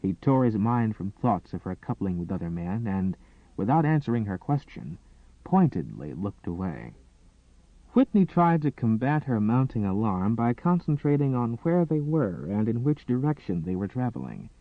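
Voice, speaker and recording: A man narrating a romance audiobook in a dramatic, expressive reading style. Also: on the low side, normal speed, no room sound. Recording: dry, tinny phone-like sound.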